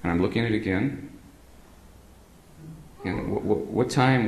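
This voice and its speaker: Brief: low-pitched male speaker, rambling humorous anecdotes to an audience, hall echo. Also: a little slow, creaky. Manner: rambling anecdotal delivery, frequent hesitant fillers. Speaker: guest speaker. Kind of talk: humorous storytelling talk to a live audience. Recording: roomy hall sound with faint ambience.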